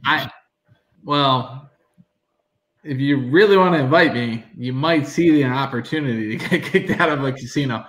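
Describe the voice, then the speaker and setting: A man's voice: medium pitch, normal speed, fairly bright tone, rough recording. A man appearing as a guest on a live stream, chatting and joking playfully. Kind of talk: casual live-stream chat.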